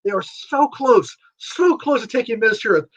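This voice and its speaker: A man chatting as an interview guest, animated and rambling, full of fillers and big swings of emphasis. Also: extremely high pitch, normal speed, lo-fi sound. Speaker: guest writer. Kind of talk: enthusiastic casual interview chat.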